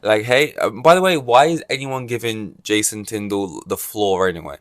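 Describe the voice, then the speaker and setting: A man from England talks through a casual solo podcast in a rambling, wry way, full of fillers and restarts. His voice sits on the low side and is recorded close and dry, with no room around it. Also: normal speed, no echo. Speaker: podcast host.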